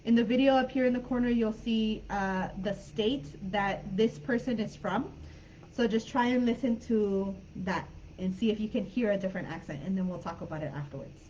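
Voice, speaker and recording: A woman's voice: mid-range voice, normal speed, a little mellow, highs cut off, slight background noise. A woman with an American accent teaching an English class online, explaining patiently with lots of fillers.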